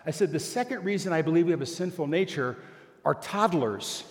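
An older man preaching a sermon, telling a story and acting out both sides of a conversation in an animated way. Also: on the high side, fairly quick. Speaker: pastor. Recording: long hall reverb.

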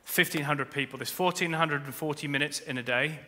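A man preaching a sermon as pastor, animated, jumping between quiet asides and shouted appeals, with humorous asides. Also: a little high, fairly quick. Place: large church hall. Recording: long reverb of a church hall.

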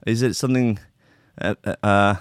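A man's voice: fairly low pitch, steady tone, normal speed, no echo, studio quality. Sarcastic man riffing on news. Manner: sarcastic, rambling, swears often. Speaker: show host reading news. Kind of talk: casual comedic news commentary.

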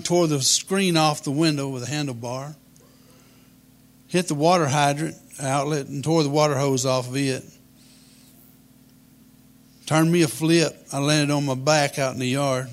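A man, telling a humorous childhood story in a folksy, deadpan way. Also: on the high side, unhurried, pauses often.

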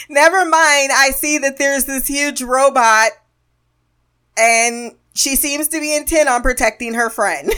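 A woman's voice: on the high side, moderate pace, bright, forceful tone. A woman hosting a podcast, giving a casual, sarcastic review of an episode, often laughing and acting out quotes. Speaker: podcast host.

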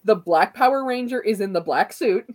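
A woman in a casual group chat, quick with jokes and slang. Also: medium pitch, lively intonation, darkish tone, no room sound.

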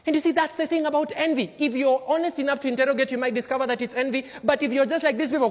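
Male pastor with a high voice, preaching and acting out quotes, dull lo-fi recording. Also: steady tone, racing, few pauses. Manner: preaching with acted-out quotes and sudden swings from loud to hushed. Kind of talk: sermon. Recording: dull lo-fi sound with long hall reverb.

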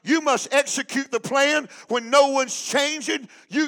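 A man pastor preaching a sermon in church, rising into shouts and a sing-song cadence and calling for the congregation to respond. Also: very high voice, measured pace.

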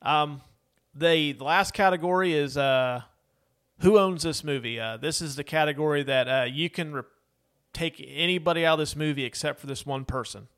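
A man's voice: on the high side, normal speed, a bit bright. A man co-hosting a casual movie podcast, rambling with many fillers and laughs. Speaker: podcast co-host. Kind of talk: casual movie review chat.

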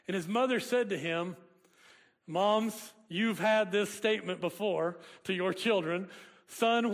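A man's voice: high-pitched, creaky. Man, pastor, conversational sermon, long hall echo. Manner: conversational, joking with the congregation.

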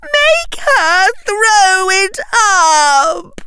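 Brief: panicky schoolgirl, read by a man, slow, shrill and pleading. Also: sing-song, bright, forceful tone, dry recording, heavily acted. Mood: pleading wail. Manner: high shrill pleading, near tears. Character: panicky whiny schoolgirl, easily frightened.

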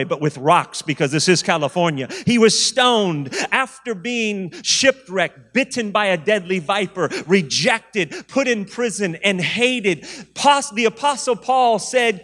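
A man's voice: sits high, a bit bright, big-room sound. A man preaching a sermon, building emphatic rhythmic phrases and slipping in jokes.

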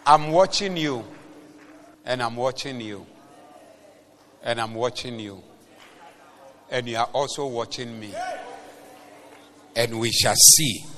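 A man with a Ghanaian accent, a pastor preaching a sermon at a church service and mixing English with Twi, swinging between loud exhortation and quiet storytelling. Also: medium pitch.

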